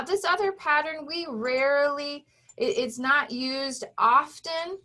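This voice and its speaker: Bright-voiced phonics teacher woman. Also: high-pitched. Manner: patient, explains step by step to young learners.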